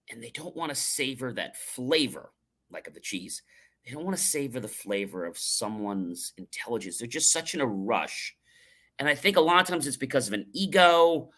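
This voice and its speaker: A man's voice: mid-range voice, fairly bright tone. A man hosting a livestream, giving a motivational talk about asking good questions and acting out short dialogues playfully. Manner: playful, lingers on words, acts out dialogue. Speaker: livestream host. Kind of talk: motivational talk with acted examples.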